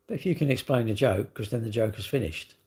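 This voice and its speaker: A man's voice: medium pitch, fast, mellow. A middle-aged English man chatting casually on his own livestream, rambling and full of tag questions. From England. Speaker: livestream host.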